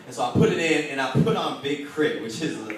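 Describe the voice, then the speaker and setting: A man's voice: medium pitch, crowd noise. Young man reciting spoken word in an echoey room. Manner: storytelling, then rhythmic measured recitation. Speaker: open mic poet. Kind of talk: spoken word poetry performance. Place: room at an open mic night. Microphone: phone camera from the audience. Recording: echoey room, distant phone recording.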